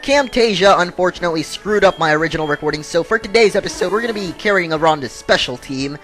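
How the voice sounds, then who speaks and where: A man gives casual playthrough commentary, wandering into asides with plenty of fillers. His voice sits a little high, with faint music underneath. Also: animated, quick pace, a bit bright. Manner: rambling, loose, lots of fillers and asides. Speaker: let's play host.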